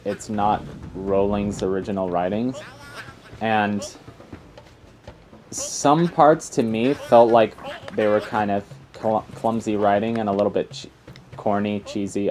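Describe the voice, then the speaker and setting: With faint game music behind him, a young man rambles through chatty let's-play commentary, packed with fillers and tangents. His voice is lowish with a darkish tone.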